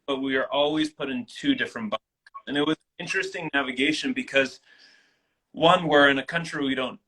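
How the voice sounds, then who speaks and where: A man in his thirties, a guest in an interview, telling personal stories in a casual, animated way. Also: medium pitch, a little fast, breathy edge, poor audio. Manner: animated, acts out quoted voices.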